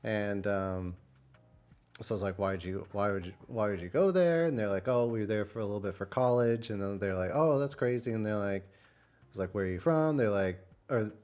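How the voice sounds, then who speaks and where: Animated young man telling a story. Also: on the low side, fairly quick. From Texas, USA. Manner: animated, acts out quotes with big voice jumps. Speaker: streamer. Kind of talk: casual storytelling on stream.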